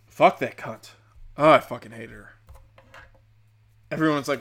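A young man who has had a few drinks rambles through a crude, profane comic rant. His voice is bright and sharp, and his talk is full of fillers and restarts. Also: mid-range voice, moderate pace. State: tipsy from drinking. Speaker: comedian and podcast host.

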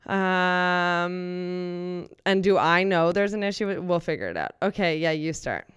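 A woman talking as a guest on a casual podcast, chatty and quick to poke fun at herself. Her voice is smooth and clear, and it is recorded dry and close. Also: fairly low pitch, a bit bright, dry recording. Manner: chatty and self-deprecating. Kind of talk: casual chat.

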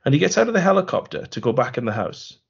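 A man with a husky voice recaps a film in a rambling, sarcastic way for a casual podcast. He sounds dry and amused. The audio is dull and lo-fi. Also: mid-range voice, very animated, fast talker. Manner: wry, rambling, sarcastic storytelling. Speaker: podcast co-host. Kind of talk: casual film review chat.

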